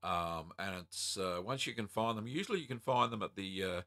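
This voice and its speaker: An Australian man hosting a casual live-stream Q&A from home, reading out viewer comments and answering in a relaxed, chatty way with many ums. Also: fairly low pitch, normal speed. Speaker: host answering viewer questions.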